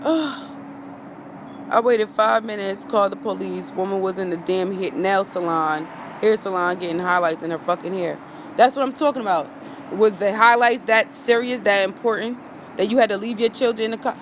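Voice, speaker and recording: A woman's voice: mid-range voice, moderate pace, noisy background. A woman ranting on a phone livestream outdoors, heated and profane, hammering her points with repetition. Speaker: vlogger going live. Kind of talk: impassioned live-stream rant.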